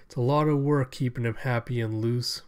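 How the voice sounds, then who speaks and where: A man's voice: medium pitch, fairly even intonation, moderate pace, clear, resonant tone, close to an everyday voice. A man reading a comic aloud, voicing a cruel, gloating male cyborg thug in a raised, taunting voice.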